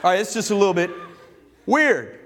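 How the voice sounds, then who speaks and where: A man with a high-pitched voice delivers a lively sermon. He jokes with the room and pushes the congregation to call words back to him, full of playful energy. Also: fairly quick, a faint crowd. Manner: animated and playful, joking with the congregation; calls for the audience to repeat words. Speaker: pastor. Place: church gathering room with listeners.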